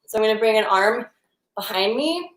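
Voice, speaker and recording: A woman's voice: on the high side, expressive, normal speed, roomy sound, rough recording. Woman coaching a yoga class, slightly breathless. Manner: casual, encouraging, laughs often, slightly out of breath while moving. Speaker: yoga instructor. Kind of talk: live-streamed yoga class instruction.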